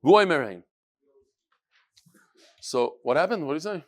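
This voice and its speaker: Man, high-pitched, yeshivish English accent, animated Talmud class, acts out dialogue. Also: normal speed. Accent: yeshivish English with Hebrew and Yiddish terms. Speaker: Talmud teacher. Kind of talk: Daf Yomi Talmud class.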